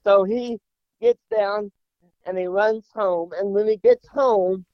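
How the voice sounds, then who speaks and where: Man in his 40s, high pitch, dry close sound, slightly muffled; animated, humorous storyteller. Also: slow pace, no echo. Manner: animated, repeats words when starting sentences. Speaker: guest.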